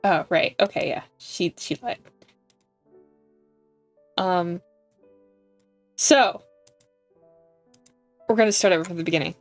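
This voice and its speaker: A woman streaming a story game, reacting with giggles and excitement and reading the game's text aloud. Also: fairly low pitch, takes it slowly, pauses often, dry recording, faint music behind. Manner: giggly and excitable, with lots of fillers.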